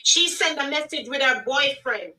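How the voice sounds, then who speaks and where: High bright Jamaican woman, distant mic. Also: animated. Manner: earnest, emotional storytelling with halting restarts. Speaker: guest. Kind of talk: personal testimony on a radio livestream.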